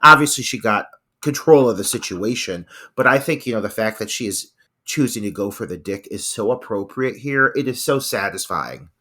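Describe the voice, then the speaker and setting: Male podcast co-host, bright tone, emphatic and profane, casual film talk. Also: fairly low pitch, lively intonation, normal speed.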